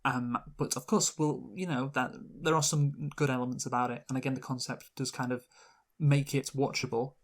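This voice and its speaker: A man's voice: medium pitch, steady tone, normal speed. A man co-hosting a movie review podcast in casual chat, hesitant and wry, often restarting his sentences.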